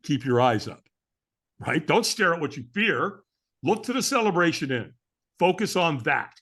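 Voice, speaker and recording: Middle-aged guy on a podcast telling a story, kinda high voice, really animated, does the voices. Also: moderate pace, slightly rough. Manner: acts out the voices of people in his story. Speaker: podcast guest.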